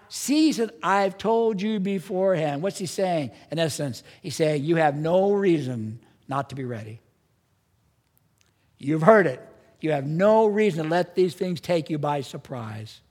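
A man preaching a sermon as pastor, earnest and emphatic, with strong rises in his delivery. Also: sits high. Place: church sanctuary. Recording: church hall with long reverb.

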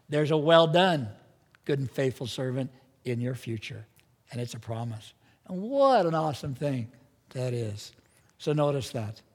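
A man preaching a sermon as pastor, earnest and emphatic, with strong rises in his delivery. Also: a little high. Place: church sanctuary. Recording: church hall with long reverb.

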